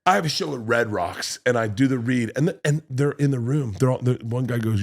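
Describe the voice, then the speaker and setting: A comedian guest telling stories in casual podcast talk, animated, acting out quotes and swearing freely. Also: male voice, medium pitch, fairly quick, gravelly.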